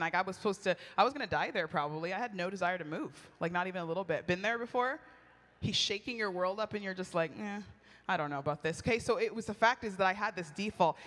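Long hall reverb surrounds this sermon from a middle-aged woman at a retreat. Her voice is in the middle range and somewhat bright, and she talks candidly and conversationally while telling personal stories with liveliness.

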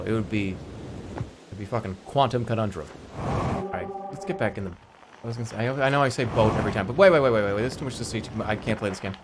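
A man giving excitable, self-mocking live commentary while playing a video game, often repeating phrases in bursts. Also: fairly low pitch, noisy background. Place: home streaming setup.

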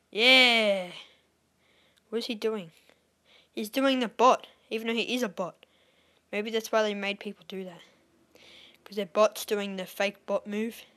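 A woman giving excitable live gameplay commentary as a YouTuber, squealing at wins and dropping to whispers when tense. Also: mid-range voice. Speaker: gaming YouTuber.

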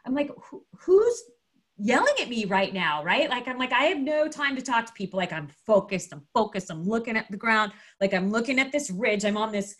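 Animated woman guest telling a story casually, a bit high voice, lots of um and like. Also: fairly quick, hardly any pauses. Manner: animated, acts out quotes, frequent fillers.

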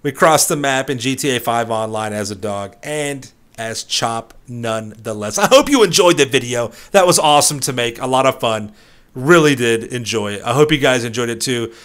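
A man's voice: mid-range voice, lively intonation, moderate pace, a bit bright. A young man giving playful gameplay commentary, hamming up a mock-dramatic story with streetwise slang. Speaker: gaming YouTuber.

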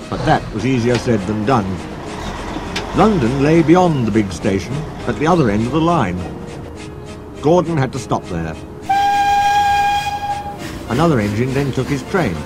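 A man's voice: mid-range voice, measured pace, pauses often. Man reading a storybook aloud. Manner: lively, expressive reading. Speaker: narrator. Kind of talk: storybook narration. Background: music.

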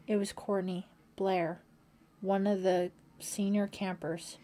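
A woman narrating a thriller audiobook in a steady, suspenseful storytelling manner. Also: medium pitch, slow pace.

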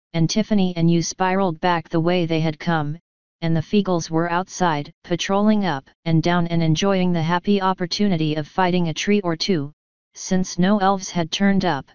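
A woman narrates an audiobook in a low, very smooth voice, measured and even. The sound is bone dry, with no room at all. It has a dull, lo-fi quality. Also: no echo.

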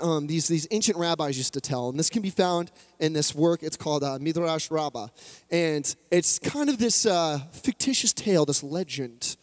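A man's voice: a little high, darkish tone. A man preaching a sermon, retelling an old story in a chatty, humorous way with playful asides. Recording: long hall reverb.

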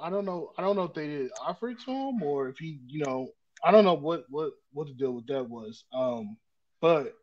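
A man's voice: a little high, dull audio. A man co-hosting a casual wrestling chat, building his points step by step as he explains.

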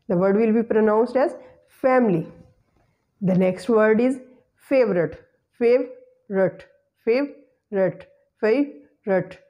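Lady english teacher, warm mellow tone, says example words over and over, slow and careful. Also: mid-range voice. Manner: formal teacherly address. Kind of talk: spoken English lesson.

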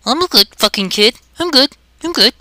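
A man voicing a whiny, bragging young boy gamer in a squeaky falsetto. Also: lively intonation, moderate pace, bright, forceful tone, no echo, studio quality, exaggerated voice. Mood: smug bragging.

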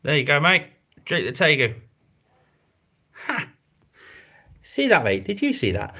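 A man's voice: wildly swooping pitch, measured pace, sharp tone, breathy edge. A man chatting casually on a live stream from home beside his reptile enclosures, thanking viewers and cooing at his pets. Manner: chatty and grateful, slips into a high baby voice for his pets.

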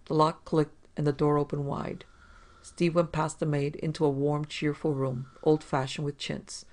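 A podcast narrator reading a 1940s crime story in an even, measured way. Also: medium pitch.

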